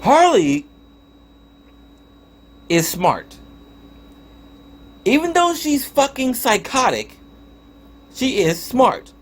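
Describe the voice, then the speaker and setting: A man's voice: very high voice, huge pitch swings, drawn-out words, long pauses. A young man giving a casual spoken review of a cartoon episode, swearing and ranting in exasperation with frequent restarts. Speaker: TV show reviewer.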